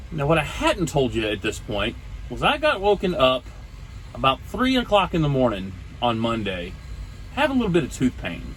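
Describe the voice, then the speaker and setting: A man's voice: medium pitch, normal speed, slight background noise, rough recording. A man in his forties telling a casual vlog story from his truck, acting out the people he talked to. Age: 40s. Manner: animated storyteller acting out dialogue. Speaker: trucker vlogger.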